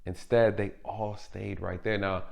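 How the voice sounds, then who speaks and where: A man's voice: fairly low pitch, little pitch movement, a little slow, gravelly, darkish tone. A man hosting a commentary review, earnest and asking rhetorical questions. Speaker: commentary host. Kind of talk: courtroom video commentary.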